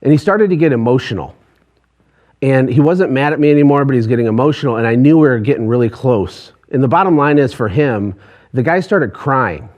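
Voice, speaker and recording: A man's voice: medium pitch, lively intonation, a little fast, a little mellow, highs cut off. A man, a business coach, giving a passionate motivational talk to an online audience, pushing hard with rhetorical questions.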